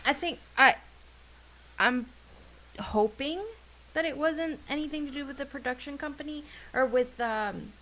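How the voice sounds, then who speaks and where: A woman co-hosting a casual podcast chat, speaking slowly and haltingly while she searches for words. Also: high-pitched, a bit bright, rough recording. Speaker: podcast co-host. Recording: faint hiss.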